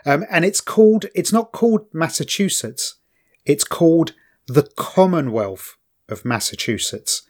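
A man's voice: on the high side, sing-song, a little slow, darkish tone. A man co-hosting a podcast in casual chat, chatty and stumbling over words, laughing often. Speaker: podcast co-host.

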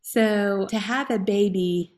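Taking it slowly in a medium, somewhat mellow voice, a woman in her forties recounts her life story as a guest on a faith-based talk show. Earnest and emotional, she moves between laughter and tears.

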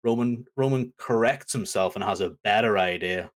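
A man co-hosting a podcast, animatedly recapping a segment, acting out the quotes with big pitch jumps and laughing as he goes. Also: normal speed. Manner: laughs as he talks. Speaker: podcast co-host.

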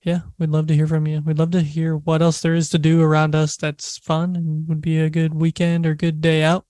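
A man's voice: on the high side, completely flat delivery, moderate pace, a little mellow, no echo. A man co-hosting a podcast, upbeat as he plugs the show in casual chat. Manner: upbeat plugging and sign-off chatter. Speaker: podcast co-host.

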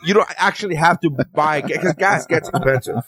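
A man's voice: on the high side, a little fast, fairly bright tone, breathy edge, no room sound. A man chatting crudely on a podcast, rambling and swearing, laughing often. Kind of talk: crude casual chat.

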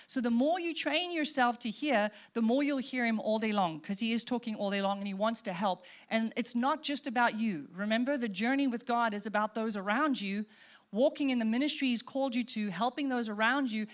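A woman pastor preaching a sermon in a conversational, animated way, acting out her own reactions. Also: on the high side, a little fast.

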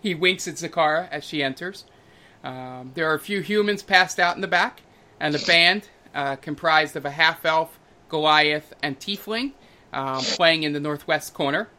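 A man narrating a tabletop game as game master, pausing often with ums and uhs. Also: fairly high pitch, bright, forceful tone. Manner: halting, lots of ums and uhs.

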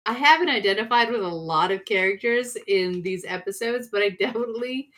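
A woman in a relaxed podcast chat who swears freely and throws in dry jokes. Her voice sits at an ordinary pitch, and she talks at an everyday pace. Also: a little fast. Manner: wry, profane, jokey asides. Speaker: podcast co-host. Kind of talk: casual chat.

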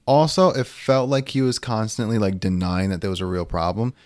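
A man's voice: fairly low pitch, brisk, no room sound, clean studio sound. A young man co-hosting a podcast, chatting casually and bluntly about a movie, often acting out what people say. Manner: blunt, animated, acts out quoted voices. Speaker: podcast co-host. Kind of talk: casual movie-review chat.

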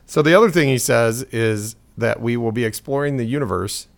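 A man's voice: mid-range voice, a little fast, vocal fry. A man co-hosting a casual podcast chat, rambling through jokes and opinions and laughing often. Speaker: podcast co-host.

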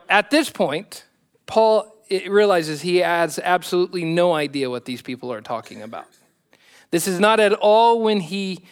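A man's voice: a little high, clear, resonant tone. A male pastor delivering a sermon with self-deprecating humor.

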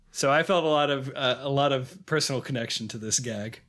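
A man's voice: mid-range voice, moderate pace, fairly bright tone, slight background noise. A man co-hosting a movie podcast, telling rambling personal anecdotes with lots of fillers. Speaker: podcast co-host. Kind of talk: casual movie discussion.

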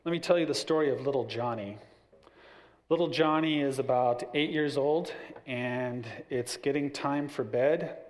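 Man teaching a church parenting class. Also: medium pitch. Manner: storytelling with acted-out voices.

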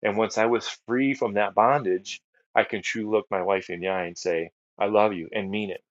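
A man's voice: on the low side, fairly even intonation, normal speed, no echo. Earnest middle-aged man telling his testimony. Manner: earnest storyteller, repeats phrases, many fillers and restarts. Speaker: guest ministry leader. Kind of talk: personal testimony in a podcast chat. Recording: dry, slightly dull podcast audio.

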